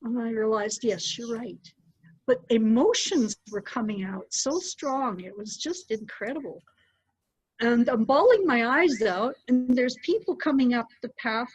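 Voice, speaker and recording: A middle-aged woman, a storyteller, recounting a personal story with animated delivery. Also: fairly high pitch, unhurried, husky, dry recording. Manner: animated, lively retelling with acted-out quotes. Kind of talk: personal storytelling to a small group. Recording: dull, muffled dry recording.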